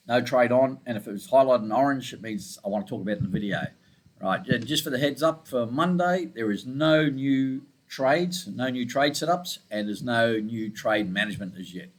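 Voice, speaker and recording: A man from Scotland with an Australian accent, walking through his trading charts in a laid-back, informal and self-deprecating way. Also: mid-range voice. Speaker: forex trading analyst. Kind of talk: casual screen-share market walkthrough.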